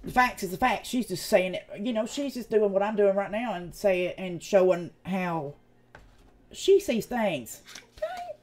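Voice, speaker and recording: Profane Southern woman ranting, lively pitch. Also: moderate pace. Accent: Southern US, East Tennessee. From United States. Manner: blunt, profane, heated ranting. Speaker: channel host. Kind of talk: casual livestream commentary.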